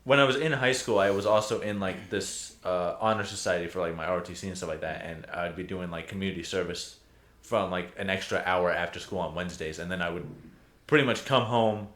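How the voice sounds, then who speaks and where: A man's voice: low voice, a little fast, fairly bright tone. Rambling young man in a roomy room. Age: young adult. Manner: rambling, filler-heavy storytelling with bursts of laughter. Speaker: podcast co-host. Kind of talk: casual chat.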